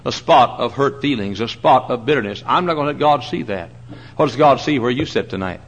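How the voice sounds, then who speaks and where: A man preaching a sermon from the pulpit of a large church. He hammers the congregation with repeated questions and swings from hushed asides to loud preaching. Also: medium pitch, animated, brisk. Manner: emphatic, presses the crowd with repeated questions. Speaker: pastor.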